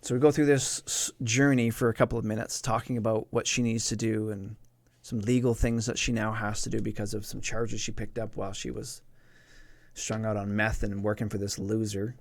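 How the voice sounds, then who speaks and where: A man's voice: fairly low pitch, flat delivery, fairly quick, no room sound. Earnest man telling a personal story. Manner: earnest, emphatic, repeats words for emphasis. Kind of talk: personal storytelling on a live stream.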